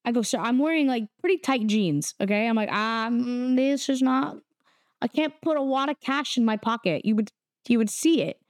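A young woman casually telling a story, animated and quoting people as she goes. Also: a little high, brisk, no echo, clean studio sound. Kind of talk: casual chat.

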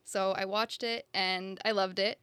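A woman's voice: mid-range voice, fairly even intonation, measured pace, a bit bright, clean tone, no room sound. A young woman hosting a casual film review podcast, leading the talk with enthusiasm. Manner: enthusiastic, leads the discussion. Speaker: podcast host.

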